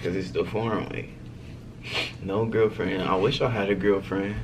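A man's voice: low voice, fairly even intonation, moderate pace, slight background noise. A young man vlogging a text prank, chatting casually and playfully to his viewers, laughing often. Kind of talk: casual talk to camera.

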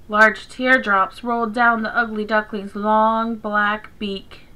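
Slow, bright-voiced woman reading a storybook. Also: medium pitch, smooth, low-quality recording. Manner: gentle, expressive storytelling. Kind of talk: reading a picture book aloud to children.

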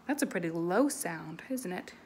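A woman music teacher with a lowish voice leads an animated lesson for young children, addressing them directly and expressively at a normal speed. The sound is roomy.

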